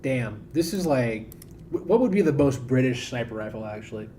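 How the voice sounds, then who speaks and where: A man's voice: mid-range voice, lively intonation, moderate pace, dark tone, a little hiss or hum. A man streaming a game, chatting casually and thinking aloud, often restarting his sentences. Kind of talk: casual live-stream chat.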